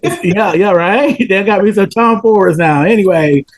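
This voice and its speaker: A man in his fifties with a Southern Georgia accent, telling stories as a podcast guest in an animated way, laughing often. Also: high voice, measured pace, poor audio. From Pelham, Georgia, US. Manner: animated, laughs often, repeats words when excited. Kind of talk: casual storytelling interview.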